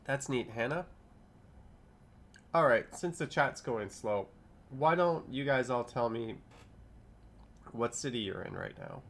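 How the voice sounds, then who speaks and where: A man's voice: mid-range voice, very animated, slow, long pauses, fairly bright tone. A man in his thirties hosting a casual livestream, reading viewers' comments aloud and riffing on them. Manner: chatty, reads chat comments aloud and riffs on them. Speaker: streamer reading live chat.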